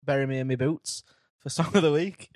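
A man's voice: a little high, brisk, darkish tone, no room sound, studio quality. A man co-hosting a casual music review podcast, joking and teasing. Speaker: podcast co-host.

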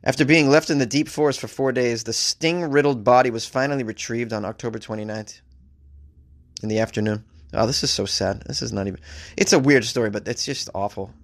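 A man's voice: medium pitch, fairly quick. Male host, casual news commentary, sarcastic rambling delivery, swears freely. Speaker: host reading and reacting to news stories. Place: staying in a hotel abroad.

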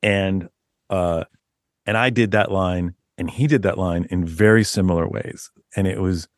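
A man guest on a podcast interview, talking casually as an author, rambling and animated with many restarts. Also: sits low, measured pace, dry recording, clean studio sound.

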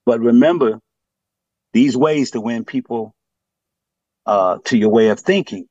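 A man calling in to share his story and advice, speaking haltingly with many pauses and fillers. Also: medium pitch, darkish tone, no room sound, muffled recording. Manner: halting, many fillers, addresses listener as beloved. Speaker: caller. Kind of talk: call-in sharing testimony and advice.

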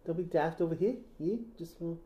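A man doing a put-on New Zealand accent, playing a calm, chatty bloke who talks softly and rambles. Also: fairly high pitch, roomy sound, lo-fi sound, lightly acted. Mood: easygoing. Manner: slow, soft, rambling.

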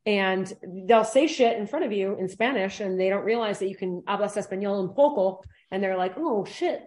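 A woman police officer chatting on a podcast. She talks bluntly and swears freely in loose, animated banter. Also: medium pitch, fairly quick. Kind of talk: casual banter.

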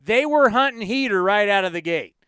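Fifties guy on sports radio, excitable storyteller, dry close sound. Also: high-pitched, brisk, smooth, no room sound. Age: 50s. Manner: excitable, storytelling, self-mocking. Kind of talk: casual sports talk.

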